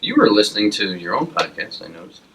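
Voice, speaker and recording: Lively low-pitched man riffing on tangents. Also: fast talker, noisy background. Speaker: podcast co-host. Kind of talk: casual chat.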